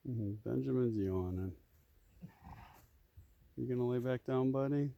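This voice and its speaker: A man chatting softly to his farm animals outdoors, doting and coaxing, filmed on a phone. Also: medium pitch, a little slow, creaky, dull audio. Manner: soft, doting, coaxing baby talk. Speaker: farmer talking to his animals. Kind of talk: casual chat to animals. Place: outdoors on a farm, shady pasture.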